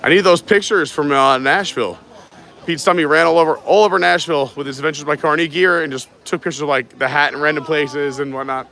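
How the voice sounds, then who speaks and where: A man's voice: fairly high pitch, steady tone, quick pace, bright, forceful tone. A man casually chatting and joking while hosting a live stream outdoors at a theme park. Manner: joking, chatty, talks with food in his mouth at times. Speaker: vlog host.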